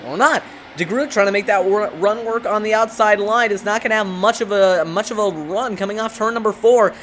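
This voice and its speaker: A lead commentator calling an online sim race play-by-play, briskly reeling off drivers, positions and track corners. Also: medium pitch, a bit bright, a little hiss or hum.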